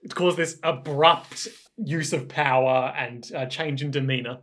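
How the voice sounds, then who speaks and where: A man's voice: mid-range voice, unhurried, a bit bright. A man co-hosting a podcast in casual chat, dry and wry, steering the talk with questions. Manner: dry, asks leading questions. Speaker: podcast co-host.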